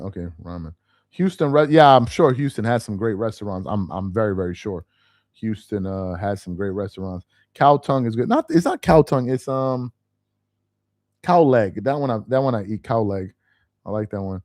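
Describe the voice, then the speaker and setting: A man with a mid-range, somewhat dark voice hosts a casual live stream, reacting animatedly to viewer comments at a moderate pace. He repeats himself often and laughs easily while going through the chat. No echo, studio-quality sound.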